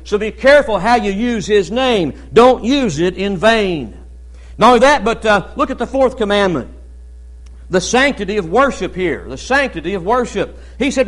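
A high-pitched male pastor gives a Baptist sermon. He talks in a loose, conversational way, often checks in with "amen?", and fills his pauses with "uh". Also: lively intonation, a bit bright. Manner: conversational preaching, frequent "amen?" and "uh" fillers.

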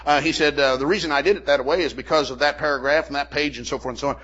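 A man's voice: on the high side, steady tone, rapid-fire, fairly bright tone. An older man preaching a sermon, telling a folksy personal story full of "amen" and "you know" asides. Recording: muffled lo-fi recording.

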